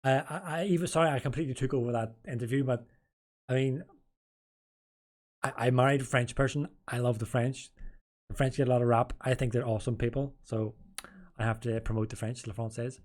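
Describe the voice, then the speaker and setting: A man's voice: medium pitch, fairly even intonation, brisk, darkish tone. A man hosting and interviewing on a casual live stream, rambling and correcting himself as he jokes along. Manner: rambling, self-correcting, jokey.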